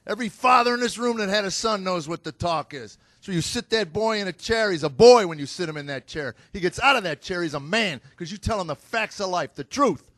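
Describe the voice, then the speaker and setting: A middle-aged American man doing stand-up, telling stories about his sons with a deadpan, exasperated delivery to a live audience. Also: sits high, fairly quick, few pauses, no echo. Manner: deadpan storytelling with exasperated asides. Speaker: stand-up comedian. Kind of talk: stand-up comedy routine. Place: stage before a live audience.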